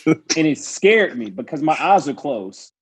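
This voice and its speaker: A former pro football player telling a story in casual chat, animated and laughing as he acts out the people in it. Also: a little high, a little slow, husky. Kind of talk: casual storytelling on a panel show.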